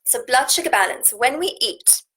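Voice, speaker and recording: A woman hosting a live wellness challenge, slowly counting breaths and then chatting with viewers. Her voice is slightly husky, and she is seated indoors at home. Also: a little high, animated, bright, forceful tone, poor audio. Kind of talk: live-streamed coaching chat with guided breathing.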